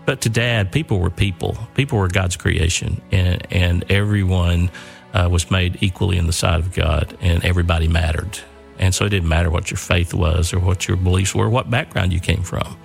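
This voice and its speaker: An older man earnestly telling a family war story, pausing and repeating words as he goes. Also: sits low, steady tone, vocal fry, soft background music. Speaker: son telling his father's war story.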